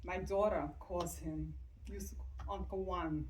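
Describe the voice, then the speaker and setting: A woman's voice: lowish voice, steady tone, unhurried, darkish tone, far from the mic, slight background noise, rough recording. An older woman with a New York accent giving a chatty eulogy at a visitation, acting out remembered conversations. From Bronx, New York. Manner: chatty storytelling, acts out both sides of remembered conversations. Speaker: retired school staff member giving a eulogy. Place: funeral visitation room.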